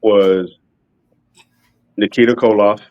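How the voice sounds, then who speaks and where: A man's voice: lowish voice, steady tone, takes it slowly, dry recording, dull audio. Offhand man in a dry room. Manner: offhand, swears, loses his train of thought. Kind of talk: casual chat.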